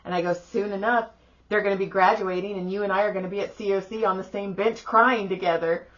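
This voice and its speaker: A woman's voice: mid-range voice, quick pace, highs cut off. A middle-aged woman co-hosting a podcast, chatting casually and acting out the people in her stories, swearing freely. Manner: animated storyteller, acts out quoted voices, swears freely. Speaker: podcast co-host. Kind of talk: casual chat.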